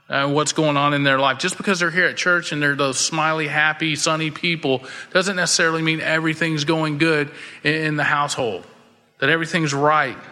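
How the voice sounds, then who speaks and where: A man preaching a folksy, conversational sermon, slipping into the voices of the people in his stories. His voice is bright and forceful, and it sits a bit high for a man. A long reverb trails off it in a large hall. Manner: casual, folksy, acts out quoted voices. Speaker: pastor.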